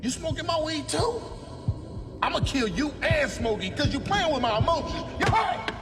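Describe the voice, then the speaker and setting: An actor playing a menacing male drug dealer with a gravelly voice who cackles as he threatens. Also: extremely high pitch, sing-song, moderate pace, heavily acted. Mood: threatening. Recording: reverberant hall, loud music.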